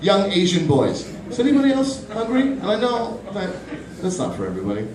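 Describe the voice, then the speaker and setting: A man in his thirties doing a stand-up comedy set in a small club, animated and quick to jump into high-pitched voices for his bits. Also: noisy background. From Pakistani family, grew up in Canada. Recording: roomy club from a distant mic.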